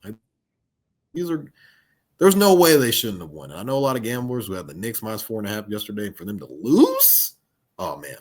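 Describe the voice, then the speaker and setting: A man with a low, husky voice whose pitch swings widely as he presses his points. He speaks emphatically, drawing his phrases out, in a casual sports podcast chat. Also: huge pitch swings, fairly quick. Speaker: podcast panelist.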